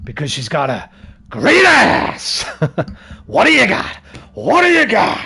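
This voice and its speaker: Guy doing a loud husky movie gangster, barks and yells, pitch jumps way up. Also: animated, slow pace, exaggerated voice. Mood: shouting. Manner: loud, barked, swearing outbursts. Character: shouty gruff older male film gangster.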